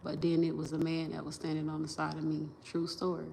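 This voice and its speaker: A woman's voice: low-pitched, monotone, brisk, creaky, dark tone, a little hiss or hum. A woman on a livestream, talking in a rambling, emphatic and profane way, restarting sentences and repeating herself into a phone camera.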